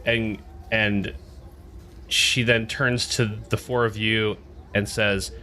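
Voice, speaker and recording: A man's voice: fairly low pitch, level tone, slow pace, pushed and bright, slight background noise. A man narrating as game master in a loose, casual way with many fillers.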